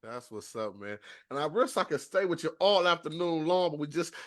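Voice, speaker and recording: A man hosting a podcast interview, lively and hyped in casual talk. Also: fairly high pitch, a little fast. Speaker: podcast host.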